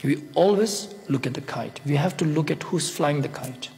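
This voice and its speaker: A man's voice: on the high side, normal speed, vocal fry, darkish tone, big-room sound. A man whose first language is Tibetan gives a spontaneous Buddhist talk in English, playful and acting out little scenes. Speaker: Buddhist teacher.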